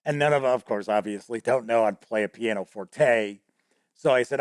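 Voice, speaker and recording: A man's voice: mid-range voice, normal speed, clean tone, no room sound, studio quality. A man hosting a show, telling a rambling, casual story about running a tabletop game, often laughing and swearing now and then. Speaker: host.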